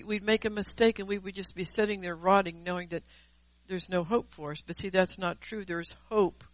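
A woman's voice: medium pitch, no echo, poor audio. Earnest woman preaching a devotional message. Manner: earnest, emphatic, repeats words for stress. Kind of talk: devotional sermon with personal testimony.

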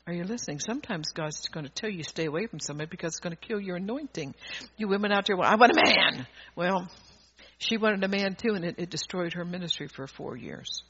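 Fervent high-voiced male preacher. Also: quick pace. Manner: fervent, swings from soft asides to loud exhortation; rambling, with restarts and laughter. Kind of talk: sermon. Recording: dull lo-fi recording.

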